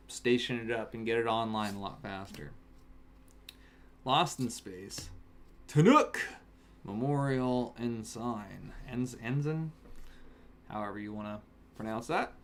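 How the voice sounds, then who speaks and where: A man casually chatting on a home stream while opening card packs, breaking into excited shouts over good pulls. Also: fairly low pitch, slight background noise. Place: home, in Alaska. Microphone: webcam setup.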